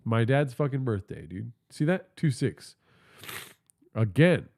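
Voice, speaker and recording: A man's voice: medium pitch, big pitch swings, slow, gravelly, long pauses, darkish tone. A man hosting a podcast livestream, telling stories in a casual, profane and rambling way, talking into a phone held in his hand, with a stuffy nose. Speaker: podcast host.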